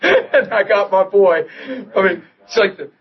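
A man preaching a sermon, telling a personal story with animated delivery and hushed, tender moments. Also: high voice, measured pace, muffled recording. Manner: animated storyteller who acts out quotes and drops to a hush in tender moments.

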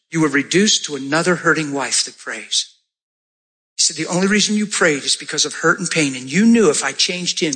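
A man preaching a sermon, telling a story with lively, animated delivery and jumping into high-pitched voices for the people in it. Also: husky. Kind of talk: sermon with testimony.

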